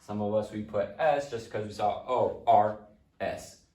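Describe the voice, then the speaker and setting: This man's fairly low, dark voice moves a little slowly as he guides listeners through Latin translations, patiently and step by step, with plenty of "okay"s. The walkthrough was recorded off-mic in an echoey room, so he sounds distant.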